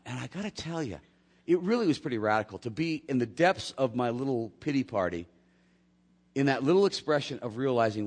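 A man's voice: mid-range voice, expressive, brisk. A male pastor preaching a sermon, his voice rising and falling in wide swings as he tells a story from his own week. He slips into the voices of the people he quotes, keeping the congregation along with him. The delivery is casual and conversational, with a middle-aged tone.

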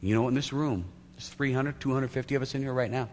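A man's voice: medium pitch, fairly even intonation, fast, darkish tone. A man preaching a sermon as pastor, telling a story vividly and acting out its scenes. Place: church sanctuary. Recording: echoey hall, faint hum.

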